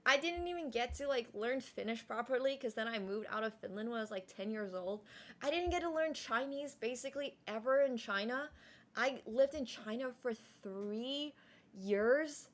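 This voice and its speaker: Casting: young woman streamer, a little high in pitch, blunt, swears, laughs a lot, English learned later in childhood. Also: fairly quick. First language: not English. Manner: candid, swears freely, laughs often. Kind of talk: casual stream chat.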